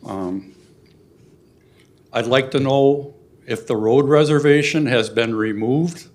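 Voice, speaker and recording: Older guy at a city meeting mic, earnest, kinda halting, a bit choked up. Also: mid-range voice. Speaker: resident giving public comment. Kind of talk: public meeting comment. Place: city council chamber.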